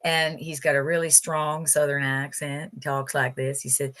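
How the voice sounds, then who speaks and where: A woman giving an enthusiastic, emphatic motivational sales pitch for an online marketing program. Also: little pitch movement, moderate pace, hardly any pauses, a bit bright.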